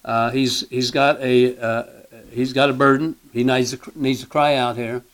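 Male Bible teacher, halting delivery, frequent throat clearing, emphatic scripture reading. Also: medium pitch, level tone, low-quality recording. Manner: reads scripture aloud with emphasis.

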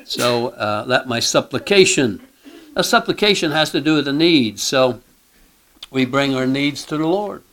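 Male Bible teacher, halting delivery, frequent throat clearing, emphatic scripture reading. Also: mid-range voice, expressive, a bit bright, low-quality recording. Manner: reads scripture aloud with emphasis.

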